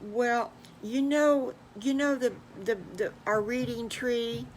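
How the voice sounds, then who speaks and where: A woman's voice: a little high, slow pace, slight background noise, pitched above the performer's own voice, poor audio. An older woman voicing a shy, sad young male wolf who stammers and repeats his words. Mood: hesitant.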